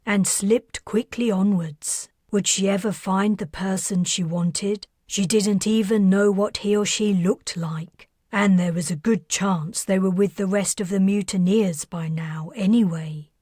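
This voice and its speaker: A woman narrating her own science fiction novel, calm and measured in her storytelling. Her delivery is slow and unhurried, with a husky grain, and the recording is close and dry. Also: mid-range voice, dry recording. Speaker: audiobook narrator and author. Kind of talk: scripted narration.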